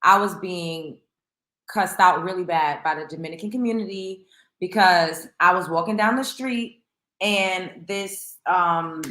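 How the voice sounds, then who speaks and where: A woman's voice: lowish voice, unhurried, fairly bright tone, reverberant. A woman hosting a casual livestream, talking chattily to her viewers. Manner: chatty, greets viewers by name. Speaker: livestream host.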